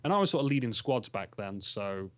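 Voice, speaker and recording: A man's voice: lowish voice, big pitch swings, a little fast, no room sound, highs cut off. A man chatting casually as an interview guest about strategy games, rambling and enthusiastic, laughing often. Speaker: interview guest, game shoutcaster.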